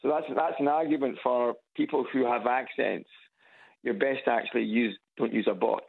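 A man's voice: medium pitch, fairly even intonation, brisk, gravelly, breathy edge. A middle-aged man with an Edinburgh Scottish accent, calling in to a radio chat show, speaking hesitantly with small restarts and chuckling at his own jokes, heard over a phone line. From Scotland. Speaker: caller. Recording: tinny phone line on loudspeaker.

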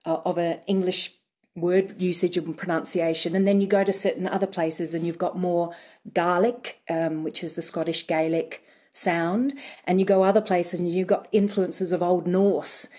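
A woman dialect coach explaining accents in a radio interview, measured and careful. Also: fairly low pitch, flat delivery, dark tone, breathy edge.

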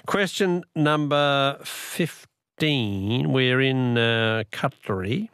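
A man hosting a talkback radio quiz, chatty and quick to laugh as he reads out messages. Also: mid-range voice, fairly bright tone, smooth, no echo, clean studio sound.

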